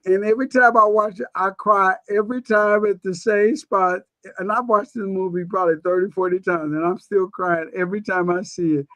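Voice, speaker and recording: A man coaching and telling stories in a casual webinar conversation, open about his emotions and expressive as he talks. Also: high voice, a little fast, dry recording, highs cut off. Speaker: guest speaker and coach.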